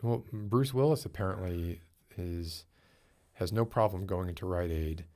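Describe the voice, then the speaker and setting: A man's voice: low voice, a little slow, darkish tone. A man hosting a casual livestream chat, rambling and chatty with lots of fillers. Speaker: podcast host.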